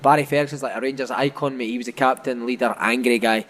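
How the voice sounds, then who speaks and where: A man's voice: medium pitch, steady tone, quick pace, fairly bright tone. A man, a former footballer, telling funny football stories in casual chat, laughing often and calling people "mate". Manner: laughing, anecdotal, peppered with "mate". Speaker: podcast host and former footballer.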